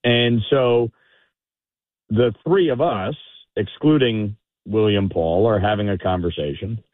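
A politician calling in to a radio show, telling a story with animation and acting out the quotes. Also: male voice, lowish voice, takes it slowly, no room sound. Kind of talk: anecdote on a call-in radio show. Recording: phone-line call.

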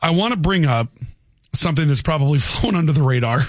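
A man's voice: fairly high pitch, expressive, fast talker, no room sound. A man chatting on a studio radio talk show, wryly building his point step by step. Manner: wry, sets up points step by step with laughs. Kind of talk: casual radio banter. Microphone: studio microphone.

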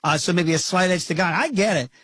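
Husky, higher-voiced man hosting, jokey. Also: quick pace, no room sound. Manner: lively, jokey, does impressions. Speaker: podcast host. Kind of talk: casual podcast chat.

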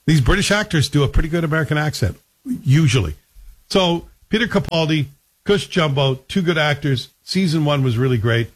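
A man's voice: on the high side, a bit bright, husky. A man giving a casual spoken review of a TV series, chatty and wry, with conversational asides.

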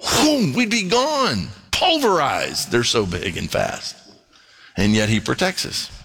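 A man preaching a sermon and reading scripture aloud, emphatic, dropping to a hush and then rising to excitement. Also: medium pitch, a little slow, creaky, slightly rough. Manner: emphatic, swings between hushed and excited. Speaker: pastor.

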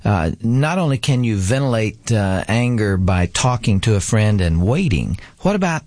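A man hosts an interview, posing thoughtful questions in a measured way with small hesitations. His voice is low, and the sound is dry and close. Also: big pitch swings, darkish tone, no echo. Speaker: interview host.

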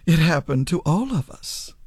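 A woman's voice: deep voice, a little mellow, a little hiss or hum, exaggerated voice. An actress playing an eerie, sly old woman in a radio drama, purring her words and dropping into whispers. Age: older.

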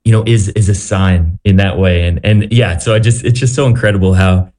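Male priest, fairly low voice, gentle and halting reflection. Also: steady tone. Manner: gentle, halting, searching for words. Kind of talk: reflective commentary.

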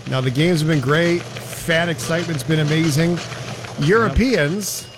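A man's voice: fairly high pitch, unhurried, background noise. A man hosting a radio show, bantering casually in a playful, storytelling way.

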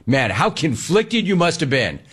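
A man hosting a sports talk show in a casual way, reading out listener messages and telling lively stories. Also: on the high side, measured pace, breathy edge. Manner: animated, storytelling, mimics quoted people.

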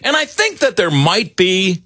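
A middle-aged man hosting talk radio, rambling and animated with lots of fillers. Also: sits high, measured pace, dry recording, studio quality. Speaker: radio talk show host. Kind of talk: casual talk radio banter.

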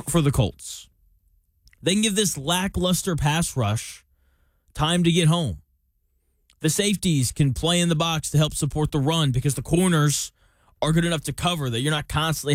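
A man's voice: on the high side, no room sound. Chatty man analyzing football, dry close sound. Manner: chatty, jokey analogies, reads listener questions. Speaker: sports podcast host. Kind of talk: casual sports talk.

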